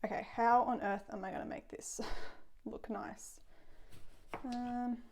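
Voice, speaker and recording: A woman's voice: fairly high pitch, fairly even intonation, slow pace, darkish tone, a little hiss or hum. A woman chatting casually through a cooking vlog in her kitchen, self-deprecating and laughing often. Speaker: food vlogger. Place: home kitchen.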